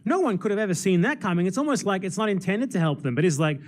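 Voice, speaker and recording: A man's voice: high-pitched, big pitch swings, fast talker, hardly any pauses. A man hosting a livestream, giving impassioned, sarcastic political commentary. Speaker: streamer host.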